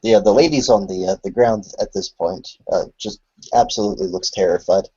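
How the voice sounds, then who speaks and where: A fairly low-voiced man acts as game master for a tabletop horror game, narrating in a halting way full of "uh" and "you know". His voice is husky. It comes through a video call with dull, lo-fi sound. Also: darkish tone. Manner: hesitant, full of filler words. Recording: lo-fi online call audio.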